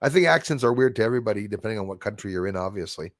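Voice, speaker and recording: A man with a gravelly, creaky voice chats loosely on a live stream, greeting viewers one by one and reading their comments aloud. He is recorded close and dry, with no room sound around him. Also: fairly low pitch, animated, rapid-fire, no room sound. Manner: rambling, greets viewers and reads chat aloud. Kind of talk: casual live stream chat.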